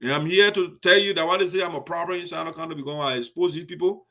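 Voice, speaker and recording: A man's voice: fairly high pitch, fast, gravelly, pushed and bright. A man hosting a radio show and giving indignant, emphatic political commentary with frequent restarts. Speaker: host of a diaspora radio show.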